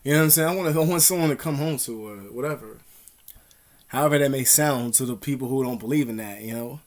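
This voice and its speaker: A man talks straight to his audience, handing out advice in a loose, rambling way. His speech is full of swearing, street slang and fillers, and his voice sits at an ordinary pitch. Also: fast talker. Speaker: vlogger. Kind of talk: casual advice monologue.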